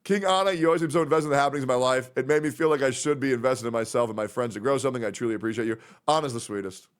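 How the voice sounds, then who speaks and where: Man, 30s, streamer; casual, rambling, emotional. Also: racing. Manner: rambling, emotional, puts on high voices when quoting friends.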